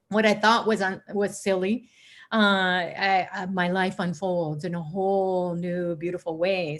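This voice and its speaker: A woman giving an earnest spiritual talk on a chanting call, telling stories with animated quotes and laughter. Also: mid-range voice.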